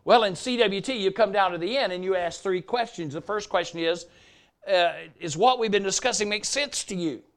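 An older man with a Southern accent preaching a sermon, telling stories with animated storytelling and acting out the people he quotes. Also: high-pitched, normal speed.

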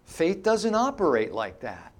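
A middle-aged man preaches an expository sermon in a high-pitched voice with huge pitch swings, never hurrying. He teaches emphatically, directing rhetorical questions at his listeners.

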